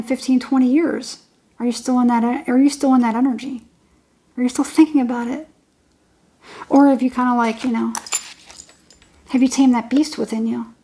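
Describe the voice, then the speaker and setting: High-voiced chatty woman giving a tarot reading. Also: dark tone. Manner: chatty, rambling, repeats herself, laughs often. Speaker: tarot reader. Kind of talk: casual tarot reading monologue.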